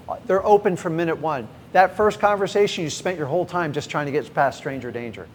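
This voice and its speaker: Energetic middle-aged man coaching a crowd. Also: a little fast. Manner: energetic, talks straight to the crowd. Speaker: real estate coach. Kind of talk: live seminar teaching. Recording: reverberant hall, faint rumble.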